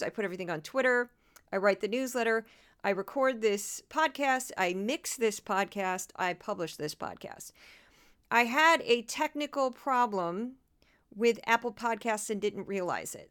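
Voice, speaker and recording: A young woman with a New York accent hosting a solo political podcast, talking fast and loud. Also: medium pitch, clear, resonant tone. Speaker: podcast host.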